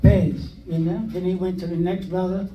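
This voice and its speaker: An older man telling stories from his past in a documentary interview, animated, acting out what people said, with hesitant fillers. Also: high voice, normal speed, highs cut off, crowd noise. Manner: animated, acts out quoted dialogue with hesitant fillers. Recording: roomy sound from a distant mic, faint noise.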